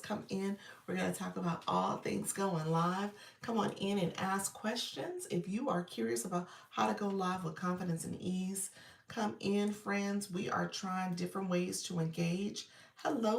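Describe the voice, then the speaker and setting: A woman's voice: lowish voice, vocal fry, reverberant, distant mic. A woman coaching live hosts on a livestream, sounding congested from an illness. She greets viewers by name and laughs often. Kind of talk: casual livestream chat with viewers.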